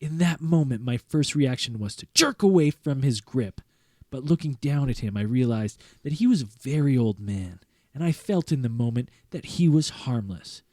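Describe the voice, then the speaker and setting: A man's voice: mid-range voice, a little mellow, dry recording. Man reading a story aloud on a podcast, dry sound. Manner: reads earnestly, breaking into laughter. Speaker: podcast host. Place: podcast studio.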